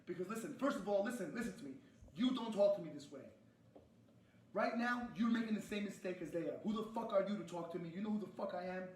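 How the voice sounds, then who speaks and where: A man's voice: high voice, fast, darkish tone, roomy sound, a little hiss or hum. A man on a phone call with a store, complaining as a customer, aggressive, repeating his demands and swearing a lot. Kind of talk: heated phone argument.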